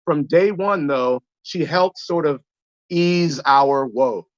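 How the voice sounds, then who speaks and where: Man from the united states, high voice, dry dull lo-fi sound, animated storyteller. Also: slow pace, no room sound. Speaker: actor guest. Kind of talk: casual chat on a live stream.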